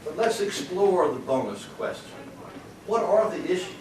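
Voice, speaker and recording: A man's voice: sits high, big pitch swings, moderate pace, noisy background. Older man lecturing, echoey distant mic. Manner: folksy storyteller with frequent uh fillers and questions to the room. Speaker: economics lecturer. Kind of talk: anecdotal lecture to a live audience.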